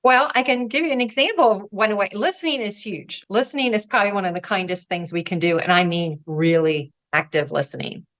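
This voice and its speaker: A woman's voice: medium pitch, fairly quick, few pauses. A woman guest on a podcast telling personal stories with feeling, acting out what people said and laughing between lines. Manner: warm, animated storyteller, acts out quoted voices, laughs between lines. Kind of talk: storytelling in an interview.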